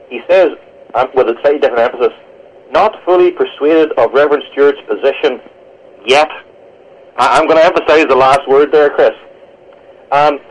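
A man with a British accent, a pastor and guest, explaining theology earnestly and quoting scripture over a phone line. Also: fairly high pitch. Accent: British English. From Britain. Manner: earnest, measured, quotes scripture with stumbles.

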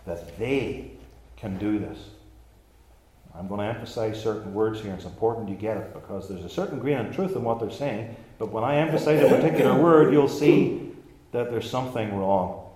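A man's voice: on the low side, lively intonation, moderate pace, a little mellow. A man preaching with emphatic, rhetorical force and a voice that swings widely up and down. His words echo through a roomy space. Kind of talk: sermon. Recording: echoey church room.

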